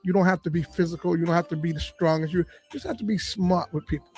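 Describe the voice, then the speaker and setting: High-voiced animated male storyteller. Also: quick pace, faint music behind. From Boston area. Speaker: comedian and radio personality guest. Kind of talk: storytelling interview. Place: podcast studio.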